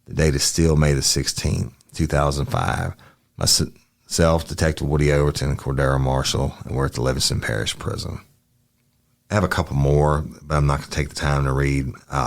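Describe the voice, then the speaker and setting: A man's voice: extremely low pitch, level tone, dry recording, clean studio sound. A man, a former detective hosting a podcast, reading case transcripts aloud in a matter-of-fact way. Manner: matter-of-fact, brisk asides.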